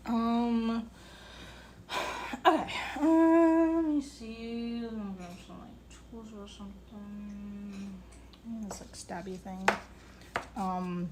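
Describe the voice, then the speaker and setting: Slow, rambling young woman working on pottery. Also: mid-range voice, darkish tone, slight background noise. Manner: rambling, many fillers and self-corrections; distracted while working with clay. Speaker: ceramics live streamer. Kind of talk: casual working commentary. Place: home ceramics studio.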